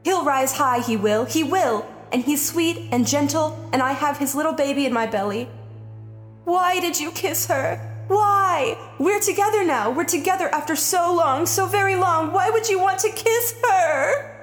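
A woman's voice: moderate pace, soft background music, natural voice. A woman reading an audiobook, voicing a hysterical, clinging noblewoman who pleads and sobs. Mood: pleading hysterical. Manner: shrill, pleading, sobbing. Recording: long hall reverb.

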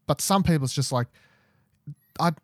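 A man's voice: fairly high pitch, moderate pace, a little mellow, no room sound, clean studio sound. A man hosting a podcast in casual, chatty talk, often laughing. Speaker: podcast host.

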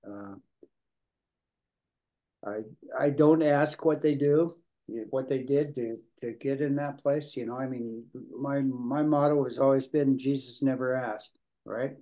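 An older man, an Episcopal priest, answering interview questions in a halting way, repeating words and leaning on fillers. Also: mid-range voice, mellow. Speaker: Episcopal priest, prison minister.

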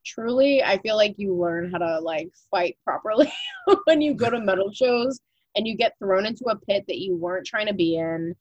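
A woman's voice: mid-range voice, lively intonation, normal speed, dry recording, muffled recording. A young woman co-hosting a podcast in casual chat, talking loosely with lots of "like" fillers and casual swearing. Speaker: podcast co-host.

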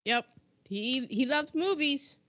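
High, sharp-voiced woman exclaiming. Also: slow, breathy edge, highs cut off. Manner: exclaiming, animated reactions. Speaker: podcast co-host. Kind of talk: casual movie chat.

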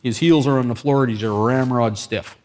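A man preaching a sermon, telling a story with lively acted dialogue and sudden bursts of excitement. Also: mid-range voice, a little fast.

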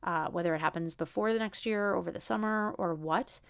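A woman's voice: on the low side, fairly quick, creaky, fairly bright tone, clear, resonant tone, dry recording, clean studio sound. A woman in her thirties hosting a solo podcast, venting in a frustrated way with many restarts. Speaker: podcast host.

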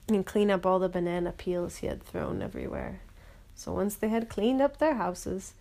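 A woman telling a bedtime story in a gentle voice, sometimes dropping to a whisper. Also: on the low side, gravelly.

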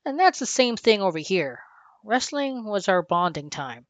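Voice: medium pitch, big pitch swings, moderate pace, a bit bright, no echo. A podcast host from Canada, reading a scripted, earnest and reflective piece about a lifelong love of a sport. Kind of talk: scripted narration.

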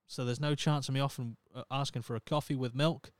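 On his own casual podcast, a thirtysomething host from Norfolk, England, chats in a meandering, profane, self-deprecating monologue in the local accent. He talks fairly quickly with a mid-range voice and fairly even intonation, in a dry recording.

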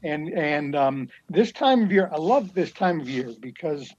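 Man, guest, laid-back, rambling stories, slightly high voice, muffled lo-fi sound. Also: lively intonation, unhurried, a little mellow. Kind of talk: casual chat. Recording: dull lo-fi sound.

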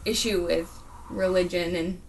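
A woman's voice: on the low side, fairly even intonation, a little mellow. Laughing woman podcaster, heard from afar. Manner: laughs often, quick and chatty. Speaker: podcast co-host. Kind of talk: casual chat. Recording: distant mic with faint background noise.

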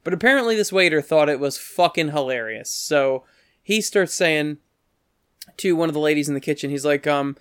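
A man's voice: expressive, normal speed, a bit bright, smooth, no room sound, studio quality. A man telling a rambling story in casual chat, breaking into quoted voices now and then. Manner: rambling, acts out quoted voices with pitch jumps.

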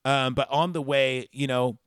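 A man recapping a film on his podcast, rambling and full of fillers. His voice sits at an everyday middle pitch. The sound is close and dry. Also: fairly even intonation, moderate pace, a bit bright, smooth, dry recording. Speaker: podcast host. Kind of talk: casual chat retelling a movie.

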